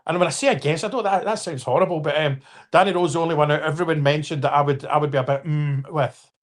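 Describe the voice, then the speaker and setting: Fifties man, a touch high-voiced, rambling live-stream football talker. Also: quick pace. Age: 50s. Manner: rambling, frequent restarts and apologies, addresses viewers by name. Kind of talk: casual football chat.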